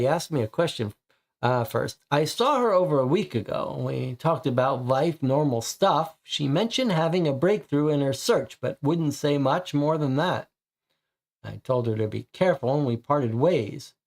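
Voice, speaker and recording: A man's voice: a little high, expressive, creaky. A man reading aloud as a theatrical man who role-plays a vampire, stretching his words in an affected way. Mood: alarmed. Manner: slow, drawn-out, affected vampire speech.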